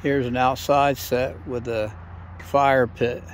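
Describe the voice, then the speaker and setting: A man's voice: mid-range voice, level tone, takes it slowly. Plain-spoken man touring a store outdoors. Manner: plain, matter-of-fact price listing. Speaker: camera operator and co-host. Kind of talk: casual walkthrough narration. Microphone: handheld camera mic. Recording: outdoor street noise. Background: traffic and outdoor noise.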